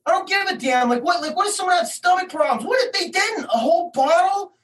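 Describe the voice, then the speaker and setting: A man's voice: very high voice, animated, a little fast, recorded from a distance, rough recording. A middle-aged man telling an emotional story about his son, agitated, swearing and acting out what others said. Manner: agitated, acts out quotes, swears, rising to shouts. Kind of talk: emotional personal account.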